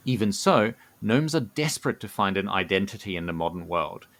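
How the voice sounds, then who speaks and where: A man co-hosting a podcast, reading his written fantasy lore aloud, who is enthusiastic and given to excited outbursts. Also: fairly quick. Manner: enthusiastic, bursts into excited high exclamations. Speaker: podcast co-host.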